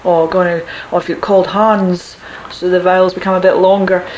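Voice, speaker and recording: A woman's voice: on the low side, level tone, moderate pace, a little mellow, lo-fi sound. A woman in her thirties with a west of Scotland, Ayrshire accent, chatting casually and hesitantly with frequent ums and easy laughter. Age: 30s. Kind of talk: casual monologue about dialect. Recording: noticeable background noise.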